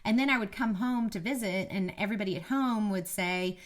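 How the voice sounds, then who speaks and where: A woman's voice: medium pitch, brisk. A woman in her thirties from Kentucky with a mild Southern accent, a media coach giving casual, chatty, self-deprecating tips to camera. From Kentucky, USA. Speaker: media coach, former TV reporter.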